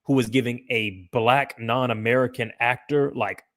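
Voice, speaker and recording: A man's voice: mid-range voice, steady tone, normal speed. A man hosting a livestream podcast, talking casually in a loose, profane, rambling way with frequent restarts. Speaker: podcast host.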